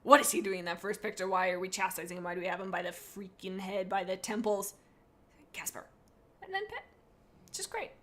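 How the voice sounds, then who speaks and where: A woman's voice: medium pitch, level tone, fast talker. Playful woman streamer rambling to chat. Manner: playful, rambling, reads chat comments aloud. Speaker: streamer rating viewers' cat photos. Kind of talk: casual live-stream chat. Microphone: desk microphone.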